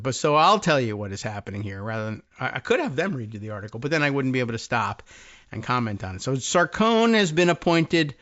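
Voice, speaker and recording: A man's voice: medium pitch, a bit bright, dull audio. A man hosting a political talk show, rambling and wry, often stopping and restarting his sentences. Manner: rambling, self-interrupting, wry. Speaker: podcast host.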